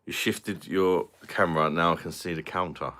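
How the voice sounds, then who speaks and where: A British man hosting a relaxed live stream, talking over drinks and reading out comments from viewers. His voice sits low, yet it has a bright, forceful edge. He chats loosely and swears freely. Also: moderate pace. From London. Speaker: beer review channel host. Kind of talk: casual live-stream chat.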